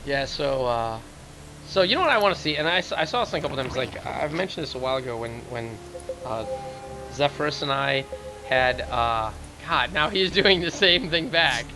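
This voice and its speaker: A man casting a live video game match, getting loud and fast during fights. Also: music in the background, rough recording. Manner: excitable, rising to high-pitched rapid calls in fights. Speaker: esports caster. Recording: faint background noise.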